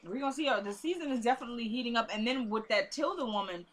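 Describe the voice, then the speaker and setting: A woman's voice: fairly high pitch, expressive, very fast. A woman vlogger recapping a TV episode in casual, informal chat, repeating herself for emphasis.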